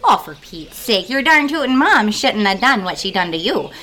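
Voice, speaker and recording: A woman's voice: medium pitch, very animated, moderate pace, sharp tone. A woman playing a folksy Minnesota field reporter with an Upper Midwest accent. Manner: folksy, exaggerated sing-song.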